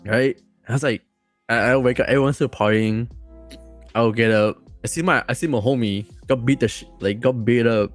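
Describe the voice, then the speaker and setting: A man as a podcast guest telling a story casually, rambling and excited, with many fillers and restarts. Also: medium pitch, normal speed, soft background music.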